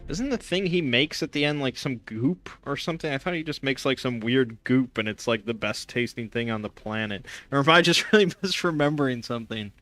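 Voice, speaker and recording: A man's voice: mid-range voice, a little fast, hardly any pauses, fairly bright tone, soft background music. A young man hosting a casual gaming stream, rambling sarcastically with lots of fillers and restarts.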